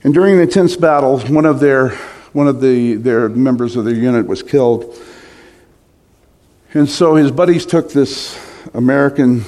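A man's voice: mid-range voice, moderate pace, warm tone. A middle-aged man preaching a sermon, telling stories with emphatic, rising stresses.

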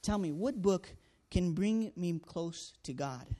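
A man tells a personal testimony in an earnest, storytelling manner. His voice sits a little high for a man. He acts out each exchange and leans on fillers as he goes. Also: expressive, slow pace, mellow. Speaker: student canvasser sharing a testimony.

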